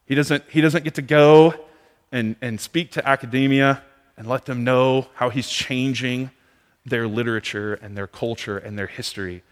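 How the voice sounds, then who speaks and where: Guy preaching a sermon, chatty, goes from hushed to loud, big echoey hall. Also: medium pitch, fairly even intonation, normal speed. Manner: conversational, swings between hushed and near-shouting. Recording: long reverb of a large hall.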